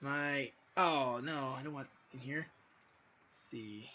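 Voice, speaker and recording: A man's voice: medium pitch, fairly even intonation, normal speed, pushed and bright. A man casually chatting while testing his own game, rambling loosely with crude asides. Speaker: indie game developer. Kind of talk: casual gameplay commentary. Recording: dull lo-fi audio with faint music.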